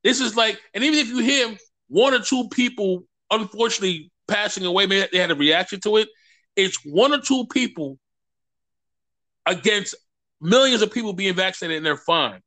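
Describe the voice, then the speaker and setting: This podcast guest is a man with a high-pitched voice and a moderate pace. He chats casually, animatedly recounting stories and performing other people's lines.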